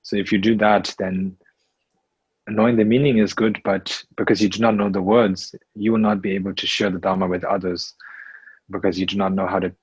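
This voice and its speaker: Slow, halting man teaching Buddhism. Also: low-pitched, flat delivery, slightly rough, dry recording, lo-fi sound. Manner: slow, halting, with many fillers and restarts. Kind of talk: Dharma teaching in English.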